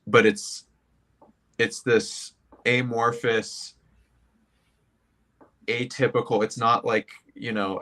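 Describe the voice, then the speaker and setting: A man who once ran for office, talking as a guest in a thoughtful, halting way with frequent restarts. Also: low voice, a bit bright. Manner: reflective, halting, with many restarts. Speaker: guest, former political candidate. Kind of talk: casual conversation.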